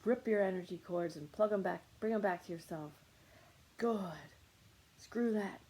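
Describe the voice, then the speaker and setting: A woman's voice: fairly low pitch, normal speed, dark tone, rough recording. A woman leading a guided meditation on anger, coaching listeners with short repeated commands.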